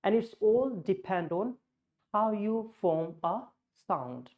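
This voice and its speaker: A woman teaching pronunciation, slow and deliberate, repeating key words as she demonstrates sounds. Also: medium pitch, lively intonation, highs cut off. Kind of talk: spoken English lesson.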